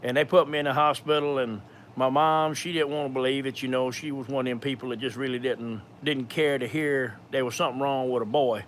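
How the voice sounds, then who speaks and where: Man, 50s, thick Georgia accent, folksy, rambling, halting restarts, faint noise behind. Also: mid-range voice, fairly even intonation. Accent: thick Georgia Southern. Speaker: ministry speaker. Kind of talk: live question-and-answer session.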